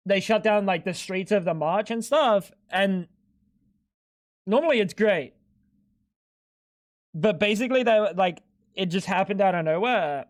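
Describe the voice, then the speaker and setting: High-voiced man streaming. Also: no echo, studio quality. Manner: rambling and sweary, full of "like". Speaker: live streamer. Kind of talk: casual chat while gaming.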